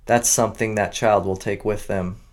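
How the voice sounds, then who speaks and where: A man hosts a radio interview with a low voice. He asks questions in a conversational, supportive way, using plenty of fillers. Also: fairly even intonation, moderate pace. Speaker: radio show host.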